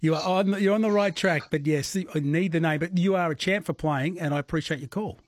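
Husky Australian male radio host. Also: on the high side, fairly quick, dry recording, clean studio sound. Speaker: overnight radio quiz host. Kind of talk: casual talkback radio.

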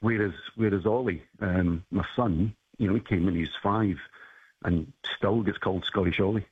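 Husky man on a tinny phone line. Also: sits low, moderate pace, dry recording. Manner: reminiscing, hesitant with many ums. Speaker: caller. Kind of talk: casual radio call.

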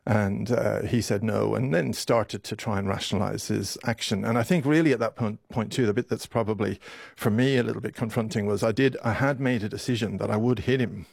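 A man, a doctor recounting a hard memory in a halting way, his voice strained with emotion. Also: lowish voice, fairly even intonation, vocal fry, darkish tone, breathy edge, no echo, clean studio sound. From Ireland. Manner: halting, with many restarts and apologies. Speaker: doctor, interview guest. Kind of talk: emotional personal recollection.

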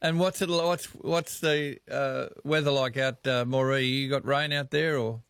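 A man's voice: medium pitch, steady tone, measured pace, fairly bright tone, clear, resonant tone, no echo, clean studio sound. A man with an Australian accent hosting talkback radio and chatting with callers in a friendly, easygoing way. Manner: friendly, chatty, says mate and reckon. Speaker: radio host. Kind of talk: casual talkback radio chat.

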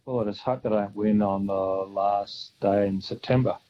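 A man's voice: lowish voice, steady tone, normal speed, dull audio. An easygoing man calling in to a radio quiz. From Australia. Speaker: radio caller. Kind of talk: casual phone-in chat.

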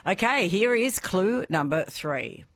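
A woman's voice: mid-range voice, expressive, slow, noisy background. Casting: woman radio host, chatty and giggly, mid-range voice. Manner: bubbly, laughs often. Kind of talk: casual radio chat.

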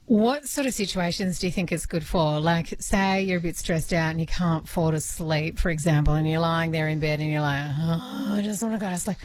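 A woman's voice: deep voice, fairly even intonation, moderate pace, few pauses. Chatty woman interviewer. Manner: chatty, curious. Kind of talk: casual interview questions.

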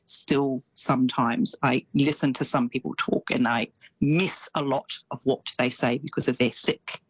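A woman's voice: very deep voice, fairly even intonation, measured pace, breathy edge, no room sound, rough recording. A middle-aged Australian woman with a slight Kiwi tinge, chatting enthusiastically as a radio show's New Zealand correspondent. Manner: chatty, enthusiastic, laughs easily.

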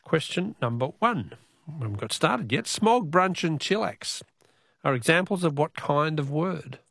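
A man's voice: fairly high pitch, animated, unhurried, vocal fry, a bit bright, no echo, clean studio sound. A man hosting a late-night radio call-in quiz and reading out listener texts. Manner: chatty, reads out listener texts. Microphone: studio mic.

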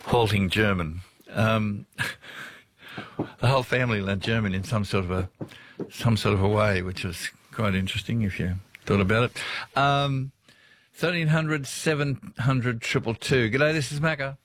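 A man's voice: lowish voice, fairly bright tone. An Australian man hosting a talkback radio show, chatting casually with callers, often laughing as he rambles through stories. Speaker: radio host.

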